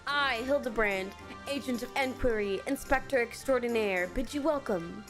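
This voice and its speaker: A woman voicing a pompous, grandiose male gentleman inspector while reading game dialogue aloud, in a formal, self-important manner. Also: a little high, normal speed, music in the background, close to an everyday voice.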